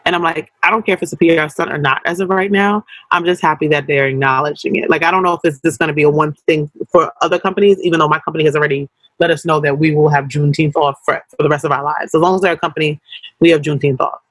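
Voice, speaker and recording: A young adult woman co-hosting a casual podcast, talking in an animated, slangy way with quick asides. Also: low voice, dry recording, rough recording. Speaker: podcast co-host.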